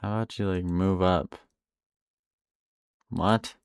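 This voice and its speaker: Deep-voiced casual male streamer. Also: fairly even intonation, slow, smooth, dry recording, clean studio sound. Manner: offhand, rambling and profane. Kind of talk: casual live-stream chat.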